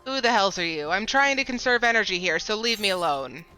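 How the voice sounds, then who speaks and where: A woman doing a gruff, tired man. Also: mid-range voice, animated, fairly quick, bright, forceful tone, faint music behind, pitched above the performer's own voice, low-quality recording. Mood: irritable. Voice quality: brusque, dismissive.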